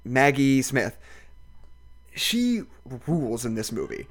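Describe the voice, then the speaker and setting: A podcast host talking casually about a film, animated and laughing often, with lots of fillers and casual swearing. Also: medium pitch, slow pace.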